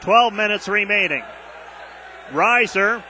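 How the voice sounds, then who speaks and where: A man calling a college basketball game on radio, rattling off play-by-play and getting loud on big plays, openly exasperated with the officiating. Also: high-pitched, takes it slowly, a faint crowd, a little hiss or hum.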